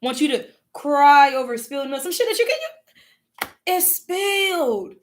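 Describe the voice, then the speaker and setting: A woman with a Southern US accent, talking in a casual spiritual vlog, animated and profane, often laughing and repeating words. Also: sits high, quick pace. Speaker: spiritual content creator.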